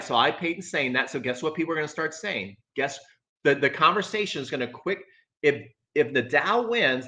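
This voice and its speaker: Man, casual live-stream commentary, bright forceful voice, emphatic, repeats himself, answers viewer comments. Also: a little high.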